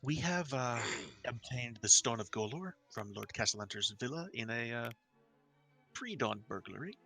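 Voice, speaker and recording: A man's voice: medium pitch, animated, moderate pace, gravelly, pushed and bright, faint music behind, voice pushed up, exaggerated voice. A man doing a courteous scheming mercenary boss.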